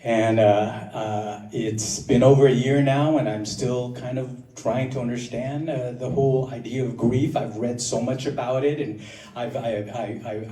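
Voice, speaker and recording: A middle-aged man telling a personal story at an open mic, halting and full of fillers, mixing grief with self-mocking humor. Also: medium pitch, warm tone. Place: underground performance venue on a live stage. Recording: roomy, distant live room with crowd. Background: audience laughing.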